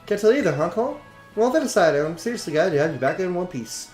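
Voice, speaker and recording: A man's voice: high-pitched, big pitch swings, quick pace, darkish tone, roomy sound, soft background music. Man putting on a bubbly Valley Girl teen girl. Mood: eager. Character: upbeat teenage girl rival, bubbly and pushy.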